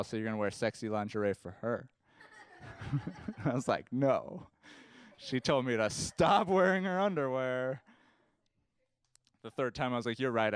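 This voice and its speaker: A man's voice: medium pitch, no echo. A man performing a rambling, self-deprecating stand-up comedy set on a club stage.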